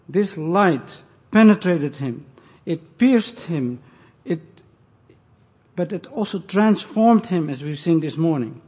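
A man preaching an expository sermon, deliberately explaining scripture and the Greek and Hebrew words. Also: high-pitched, dark tone, breathy edge. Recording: muffled, echoey hall recording.

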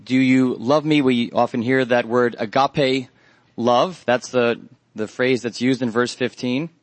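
A man preaching a Bible study sermon in a measured, earnest way, pausing often with fillers. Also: medium pitch, fairly even intonation, no room sound.

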